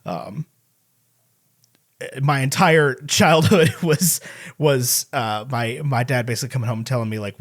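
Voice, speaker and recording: A man's voice: mid-range voice, unhurried, long pauses. A man hosting a movie podcast, chatting casually and rambling through jokes and stories. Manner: rambling, joking, with many restarts. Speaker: podcast host. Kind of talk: casual interview chat.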